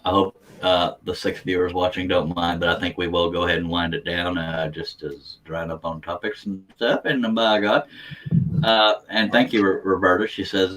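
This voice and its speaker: A man's voice: low voice, level tone, normal speed, a bit bright, a little hiss or hum. A man hosting a late-night live stream in casual chat, laughing often and using folksy sayings.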